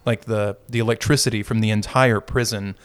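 A man's voice: fairly low pitch, steady tone, fairly quick. A middle-aged man co-hosting a podcast, chatting casually and joking, rambling with restarts. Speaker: podcast co-host.

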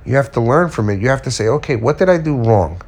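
A man's voice: mid-range voice, animated, fast, darkish tone. A man in a mid-range voice talks directly to his audience about learning from mistakes. He is blunt and candid, and he tells personal stories while acting out the lines of the people in them. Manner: blunt, candid, storytelling with acted-out quotes. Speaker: self-help speaker. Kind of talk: casual motivational talk to viewers.

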